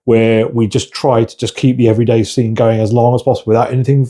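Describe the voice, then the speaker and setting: A man hosts a relaxed podcast conversation with a husky, slightly breathy voice. He chats in a self-deprecating way and often restarts sentences as he goes. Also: medium pitch, quick pace. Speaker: podcast host.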